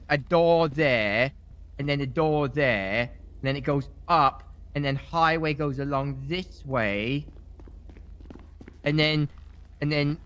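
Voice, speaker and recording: Bright-voiced, rambling man role-playing. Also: fairly high pitch, dry recording. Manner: rambling, excitable testimony with shouted outbursts. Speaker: role-player as defendant in court. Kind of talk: in-character game role-play.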